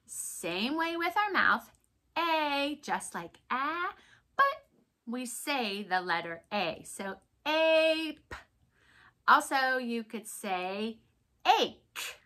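A young woman teaching letters to small children in an encouraging, sing-song way, slowing down and exaggerating her words. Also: fairly high pitch, fairly bright tone. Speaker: preschool teacher.

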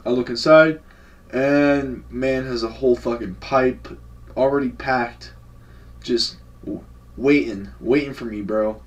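A young man recounts a story in casual vlog style, loose and full of slang and profanity. His voice sits at an ordinary pitch for a man. He is recorded from a little distance away from the microphone. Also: slow pace, lo-fi sound. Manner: laid-back, slangy and profane. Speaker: vlogger. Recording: voice a bit far from the mic.

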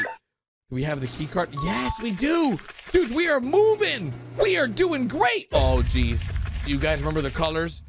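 A young man narrates a cartoon in a high, bouncy voice that swings all over the place. He gets excited easily, shouts and gasps as things happen, and loud music plays under his words. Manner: excitable, often shouting and gasping. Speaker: animation narrator.

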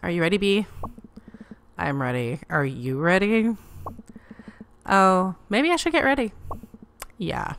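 A woman's voice: medium pitch, lively intonation, slow pace, pauses often, a little hiss or hum. A woman playing a video game, reading its dialogue aloud with playful commentary. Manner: playful, reads characters in varied voices. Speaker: let's play gamer. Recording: faint game music behind.

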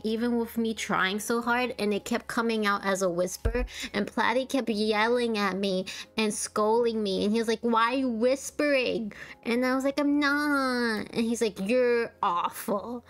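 A woman streamer in a casual chat with her live chat, tired and with a sore throat, soft-spoken and laughing often. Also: on the high side. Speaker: VTuber streamer.

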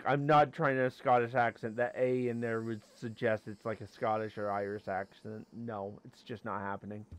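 A man's voice: lowish voice, flat delivery, normal speed, few pauses. Jumpy man narrating his gameplay. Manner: jumpy, talks to game creatures, sudden yelps and exclamations. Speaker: let's play host. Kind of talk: casual gameplay commentary.

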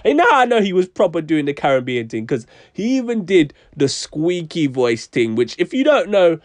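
A man's voice: on the high side, sing-song, moderate pace, no echo. A young man casually reviewing music tracks, chatty and frank, hedging often with "I don't know".

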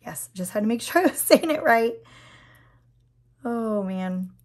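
A slightly high-voiced woman in her thirties with a hoarse, scratchy throat chats casually as she paints her nails. She gushes with lots of fillers, and her voice keeps dropping into breathy whispers. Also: expressive, unhurried. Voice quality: breaks into whispers. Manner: chatty, gushing, many fillers. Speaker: nail vlogger. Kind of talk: casual chat while doing a manicure.

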